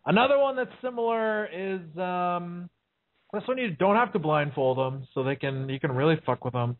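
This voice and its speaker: Here a male podcast host with a high-pitched voice talks at a moderate pace on his casual chat show. He's blunt and profane, wanders off on tangents with many fillers, and the sound is tinny and phone-like.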